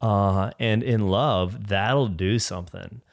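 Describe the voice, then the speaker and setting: A man's voice: fairly low pitch, slow, creaky, no room sound, clean studio sound. A man sharing a personal faith testimony as a podcast guest, rambling, with frequent restarts and filler words.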